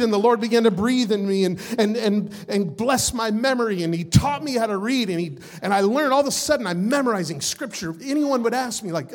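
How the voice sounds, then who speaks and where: A young adult man pastor preaching an Easter sermon, swinging from hushed storytelling to shouted, sing-song preaching, with casual slang like "man" and "like". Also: high-pitched, expressive, fairly quick, few pauses.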